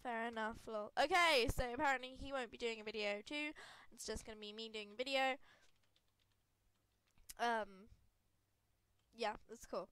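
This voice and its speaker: A woman's voice: on the high side, moderate pace, pauses often, bright, forceful tone, clean tone. A woman with a cold, congested and sniffly, giving giggly, rambling, self-deprecating commentary over a video game. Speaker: gaming video creator. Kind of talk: casual gameplay commentary.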